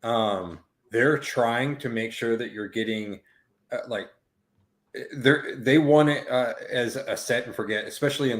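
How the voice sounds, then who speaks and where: A man's voice: lowish voice, roomy sound. A man co-hosting a casual chat, rambling with many fillers and swearing freely. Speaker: podcast co-host.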